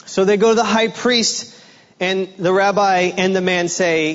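High-voiced man preaching, lo-fi sound. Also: moderate pace. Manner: relaxed, conversational, with fillers and restarts. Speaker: guest preacher. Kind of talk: sermon with a joke opener.

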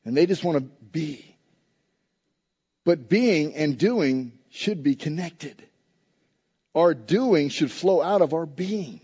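High-voiced man preaching emphatically. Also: mellow, slightly rough, lo-fi sound. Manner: emphatic, repetitive preaching cadence. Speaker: pastor. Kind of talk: sermon.

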